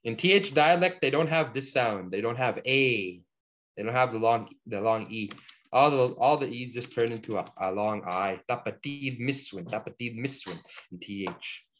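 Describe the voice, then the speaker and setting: A man teaching a language class, patiently explaining word forms and repeating each example slowly for the learners. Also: mid-range voice, lively intonation, fairly bright tone. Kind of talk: online language lesson. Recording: dull lo-fi audio.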